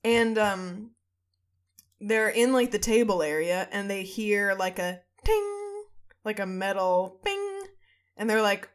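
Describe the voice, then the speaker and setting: A woman co-hosting a casual chat, retelling a story with lively acted-out quotes and frequent swearing. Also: mid-range voice, slow. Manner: animated storytelling, acting out quotes, swears, laughs often. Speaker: podcast co-host. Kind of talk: casual chat retelling a ghost-hunting show.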